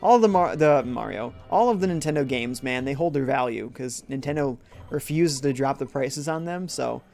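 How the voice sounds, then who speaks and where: A man's voice: medium pitch, expressive, normal speed, creaky, darkish tone, soft background music. A man live-streaming a retro game, chatting casually, reading viewer comments aloud and joking along. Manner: upbeat, reads chat comments aloud and jokes.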